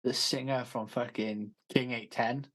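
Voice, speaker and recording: Brief: male co-host, mid-range voice, deadpan quips, relaxed. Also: mid-range voice, measured pace. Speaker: podcast co-host. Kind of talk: casual chat.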